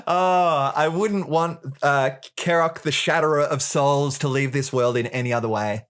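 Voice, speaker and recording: A woman's voice: deep voice, steady tone, moderate pace. A woman from Ireland, co-hosting a podcast in casual, playful chat. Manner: playful, teasing. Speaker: podcast co-host.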